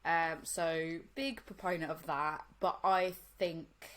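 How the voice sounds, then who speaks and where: A woman's voice: deep voice, fairly even intonation, slow pace, a bit bright. A woman from the US co-hosting a podcast, chatting casually and laughing often while tasting drinks. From United States. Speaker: podcast co-host.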